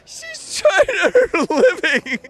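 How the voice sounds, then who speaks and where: Giggly tipsy crew guy, very high voice, drawn-out slow delivery. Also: wildly swooping pitch, fairly bright tone. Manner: tipsy, giggly, overly emotional. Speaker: staff member. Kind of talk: casual chat. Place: outdoors at a motorcycle rally.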